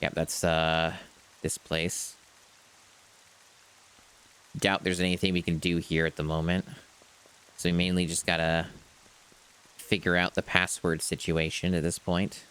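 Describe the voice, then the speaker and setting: A man's voice: sits low, little pitch movement, a little slow, long pauses, a bit bright, smooth. A man streaming a video game, musing aloud in a rambling, casual let's-play commentary.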